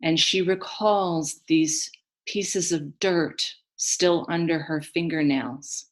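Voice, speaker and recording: Woman telling an old myth real slow, lowish voice, hushed and chanting. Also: fairly even intonation. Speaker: storyteller. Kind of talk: mythic storytelling.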